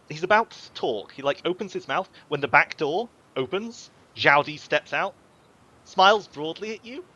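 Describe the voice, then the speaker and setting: A man's voice: fairly high pitch, bright, forceful tone. A man narrating as game master in a tabletop game over a video call, rambling and repeating words as he describes scenes. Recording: dull lo-fi video call audio.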